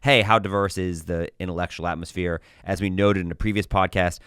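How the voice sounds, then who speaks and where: A man co-hosts a political podcast in a low, smooth, resonant voice. He explains things wryly and chuckles at his own quips. The recording is dry and close to the mic. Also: steady tone, fairly quick, fairly bright tone, no echo. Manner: wry, explanatory, laughs at his own jokes. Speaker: podcast co-host.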